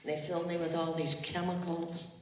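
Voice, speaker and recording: A woman's voice: lowish voice, level tone, fairly quick, crowd noise. An older woman minister giving a heartfelt sermon and leading her congregation in call and response. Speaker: retired minister. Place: chapel. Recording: echoey hall, far from the mic.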